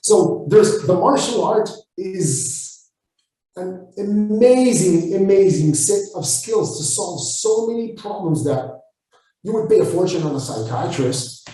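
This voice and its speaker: A man with an Israeli accent answering interview questions, blunt and forceful, swearing freely. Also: high-pitched, lively intonation, slow pace, soft background music. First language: Hebrew. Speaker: Krav Maga instructor, guest. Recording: echoey room, far from the mic.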